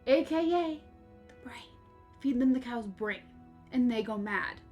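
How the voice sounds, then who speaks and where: A woman's voice: on the high side, animated, measured pace, darkish tone, faint music behind. A young woman streaming a game, rambling through a story in casual chat, laughing and swearing freely. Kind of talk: casual storytelling while playing.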